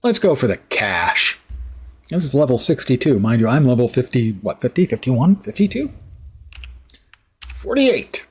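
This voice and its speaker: A man's voice: mid-range voice, very animated, moderate pace, husky. A middle-aged man streaming a game, giving casual commentary with dry, sarcastic asides.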